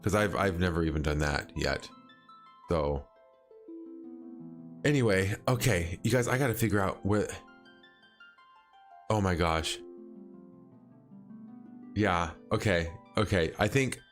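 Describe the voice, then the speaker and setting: A lowish-voiced man chats his way through a game stream, stopping and restarting his sentences and padding them with fillers. He chuckles often as he talks with his viewers, while faint game music plays behind him. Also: animated, takes it slowly, pauses often. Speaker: livestreaming game player. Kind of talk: casual gameplay chat with viewers.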